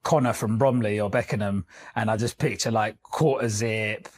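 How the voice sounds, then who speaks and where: A woman's voice: rumbling low, moderate pace. A woman, co-hosting a casual chat, reacting with frequent laughter. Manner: laughs often, lively reactions. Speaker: podcast co-host.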